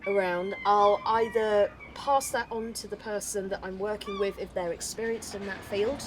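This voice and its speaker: A woman's voice: mid-range voice, steady tone, normal speed, background noise. Chatty woman telling a story as a guest. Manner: chatty storytelling, repeats phrases. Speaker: podcast guest, medium. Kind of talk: casual conversation.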